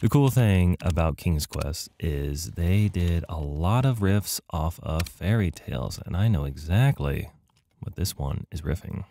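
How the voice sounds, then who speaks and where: A man's voice: sits low, animated, measured pace, dark tone, a little hiss or hum. A man doing let's play commentary on an adventure game, joking at his own expense and reading the game text aloud. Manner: jokey, self-mocking, reads game text aloud. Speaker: gamer playing through an adventure game.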